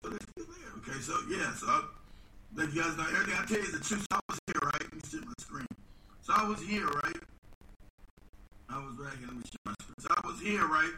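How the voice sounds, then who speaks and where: A man's voice: a little high, very animated, fast talker. A man hosting a casual talk show, telling a long story with rambling, laughing, self-interrupting talk. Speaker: host. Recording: echoey room, far from mic, loud noise.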